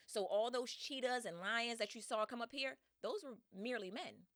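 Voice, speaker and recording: A woman's voice: on the high side, moderate pace, few pauses, no room sound, clean studio sound. A woman hosting a podcast, retelling a story in casual slang with lots of energy and laughs. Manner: slangy, animated, laughs often. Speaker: podcast host.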